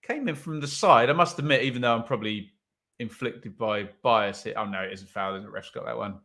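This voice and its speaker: A man's voice: mid-range voice, brisk, pushed and bright. A man hosting a live football watch-along, commenting on play and reading viewer comments with wry asides.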